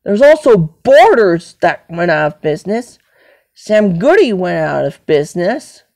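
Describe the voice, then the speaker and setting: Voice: mid-range voice, very animated, unhurried, vocal fry, darkish tone. A person rambling to themselves on a home video, repeating and listing things over and over. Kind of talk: rambling self-talk monologue.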